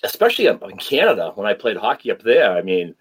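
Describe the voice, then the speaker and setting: A man's voice: lowish voice, quick pace, slightly rough. A man from New England with a Boston accent, a former hockey player telling stories as a podcast guest. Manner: relaxed storyteller with many um fillers. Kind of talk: podcast interview.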